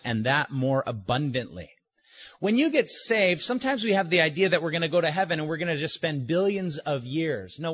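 A male pastor preaching in a slow, emphatic way, leaning on his words with deliberate pauses. His voice is husky and sits a little high for a man, and the recording sounds dull and lo-fi. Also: fairly bright tone. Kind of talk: sermon.

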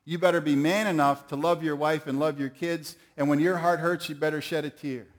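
A man's voice: a little high, fairly even intonation, a little fast. A middle-aged man preaching a sermon, telling folksy stories and calling on the audience to answer. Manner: folksy storytelling, calls on the audience.

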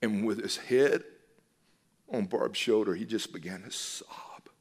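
Preaching in a measured rhythm, the low-voiced pastor is earnest and forceful, returning to repeated phrases to press every point. His words echo with a long reverb, like sound filling a church hall.

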